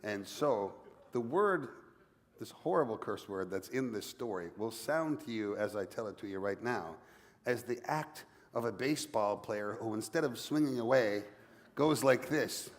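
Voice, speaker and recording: A man's voice: lowish voice, expressive, normal speed, in a large hall. A man from Newfoundland, Canada, with a Newfoundland accent, telling a playful story on stage as an author guest at a library event.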